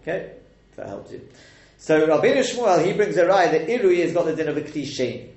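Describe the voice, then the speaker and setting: A man's voice: fairly high pitch, big pitch swings, brisk, vocal fry, a little mellow, highs cut off. A man teaching a text lesson, explaining step by step and quizzing his listeners with rhetorical questions. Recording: echoey room.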